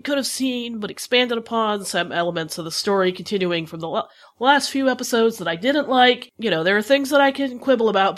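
A woman co-hosting a casual podcast chat, effusive and emotional as she tells how she felt. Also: mid-range voice. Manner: effusive, emotional, animated storytelling. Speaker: podcast co-host.

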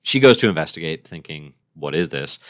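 A man with a very deep voice tells an invented superhero origin story, rambling and deadpan. His delivery is playful and loose, like an improvised chat between friends. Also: fairly quick.

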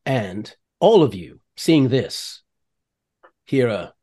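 A man narrating a tabletop game as game master, animated and descriptive, with frequent fillers. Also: mid-range voice, very slow.

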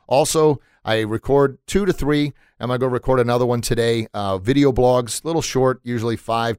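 Earnest, energetic male podcast host. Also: mid-range voice, no room sound, clean studio sound. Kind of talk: motivational podcast monologue.

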